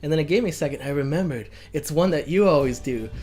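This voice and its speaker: A man's voice: a little high, lively intonation, fast talker, mellow. A young man co-hosting a casual podcast, joking around, laughing and mimicking accents. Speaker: podcast co-host. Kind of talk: casual chat. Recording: faint guitar music behind.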